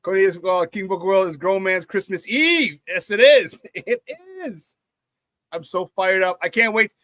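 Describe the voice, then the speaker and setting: Hyped high-voiced sports talk host. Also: male voice, measured pace, dry recording. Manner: excitable and hyped, with frequent laughs and slang. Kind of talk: live-streamed sports talk, reading viewer chat.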